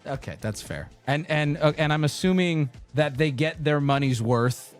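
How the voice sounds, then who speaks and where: A man's voice: fairly high pitch, lively intonation, moderate pace, soft background music. A man hosting a live stream, interviewing a caller with blunt, teasing questions.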